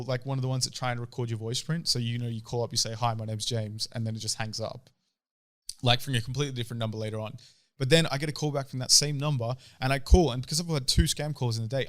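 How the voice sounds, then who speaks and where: A young Australian man with a rapid-fire delivery spins profane anecdotes on a podcast. His pitch sits in an ordinary middle range. He speaks close to a studio mic. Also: fairly bright tone. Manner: fast, profane storytelling. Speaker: podcast co-host. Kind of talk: casual chat. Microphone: studio podcast microphone.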